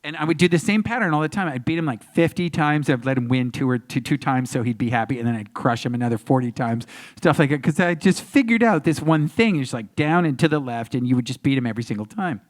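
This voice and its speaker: A man in his sixties telling stories as a panel guest, animated and acting out the other voices in them. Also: mid-range voice, fast talker, hardly any pauses. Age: 60s. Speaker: actor guest on a convention panel. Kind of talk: anecdotal Q&A storytelling. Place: convention panel room.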